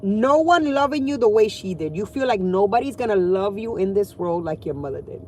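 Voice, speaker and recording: A woman's voice: medium pitch, expressive, fairly quick, darkish tone, a little hiss or hum. A woman in her forties talking candidly and emotionally in a casual vlog from inside her car, swearing freely. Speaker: vlogger.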